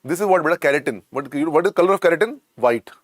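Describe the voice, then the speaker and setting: Animated Indian man lecturing medical students. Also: a little high, fast, dry recording, clean studio sound. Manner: repetitive, coaxing, calls students "beta". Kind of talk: exam coaching lecture.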